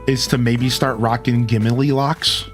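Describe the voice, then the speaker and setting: A man's voice: mid-range voice, level tone, a little slow, faint music behind. Laid-back young streamer guy, "dude" talk. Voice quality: dynamic voice that peaks and drops. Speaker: live streamer. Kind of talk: casual stream chat. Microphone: studio mic with equalizer and cutoff.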